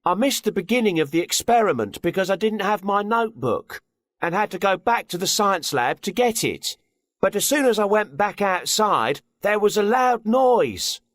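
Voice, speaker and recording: A man voicing a schoolboy in a textbook listening dialogue, telling a friend a story in a lively way. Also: high-pitched, normal speed, no echo, clean studio sound.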